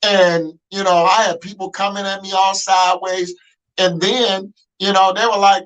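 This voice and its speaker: A man's voice: high voice, normal speed, fairly bright tone, rough recording. Brief: male podcast host, earnest conversational delivery, frequent fillers. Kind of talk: conversational interview.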